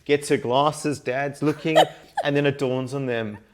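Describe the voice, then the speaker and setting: A man with an Australian accent, a life coach telling his story in a casual interview, animated and laughing often as he acts out what people said. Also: mid-range voice, unhurried. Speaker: guest, mindset and life coach.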